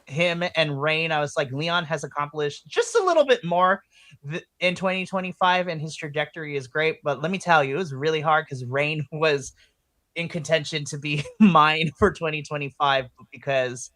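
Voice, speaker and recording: An excitable woman co-hosting a podcast, chatting through a wrestling recap in a bright, forceful voice. She swings into loud, animated retellings, recorded close and dry with no room sound. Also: low-pitched, moderate pace, no echo. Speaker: podcast co-host. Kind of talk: casual wrestling recap chat.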